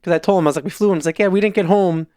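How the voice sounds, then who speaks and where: A man's voice: sits high, racing, mellow, clear, resonant tone, no room sound, studio quality. A man with a Wisconsin accent co-hosting a podcast, rambling through stories and quoting people back and forth. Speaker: podcast co-host. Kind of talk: casual chat.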